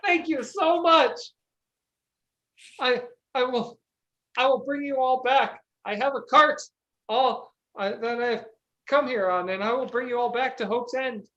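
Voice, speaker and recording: A woman's voice: sits high, measured pace, fairly bright tone, dull audio. A woman voicing an anxious, humble peasant man who pleads eagerly for help. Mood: eager, pleading.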